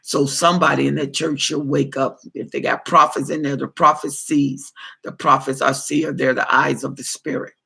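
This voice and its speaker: A man's voice: mid-range voice, flat delivery, moderate pace, gravelly, pushed and bright, husky. A man, a pastor, answering viewer comments on a livestream in a preachy way, repeating phrases for emphasis.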